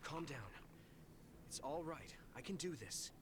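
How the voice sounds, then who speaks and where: A man's voice: a little high, animated, a little slow, background noise. An actor playing a worried young male soldier in a video game, calling out urgently to his allies.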